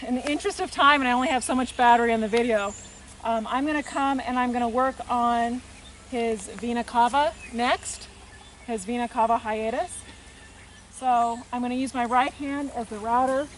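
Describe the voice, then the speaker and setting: A woman equine therapist narrating a hands-on treatment demonstration outdoors, talking in a soft, unhurried way and murmuring gently to the horse between explanations. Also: fairly high pitch, steady tone, slight background noise. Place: outdoors with a horse, rural setting.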